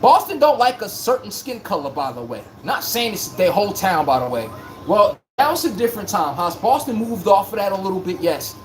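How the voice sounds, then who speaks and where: This man's voice is high and fairly quick, with slight background noise behind it. He hosts a basketball talk show streamed live, talking straight to his chat in a blunt, lively, slang-heavy way as he responds to viewers.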